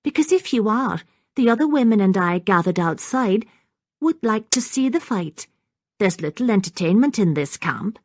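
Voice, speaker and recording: A woman voicing a refined young Highland woman with a soft, lilting Scottish accent, sly and teasing. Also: animated, moderate pace, dry recording.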